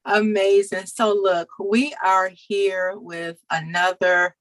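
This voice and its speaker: A woman's voice: mid-range voice, fairly even intonation, takes it slowly, rough recording. A woman hosting a live video stream, exuberant and upbeat, repeating her words as she hypes up the show. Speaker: host. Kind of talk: livestream hype talk.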